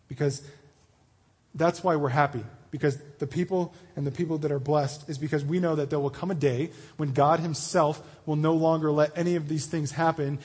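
A man preaching an earnest, animated sermon to a young crowd, acting out quoted voices as he goes. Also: fairly high pitch, slightly rough, big-room sound.

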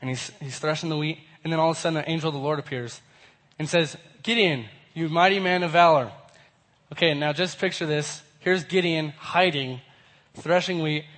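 A young man gives a casual Bible lesson in a hoarse voice left by a cold. His pitch sits a little high, and he keeps turning to the group with friendly questions. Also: steady tone, fairly quick, a bit bright. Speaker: youth pastor.

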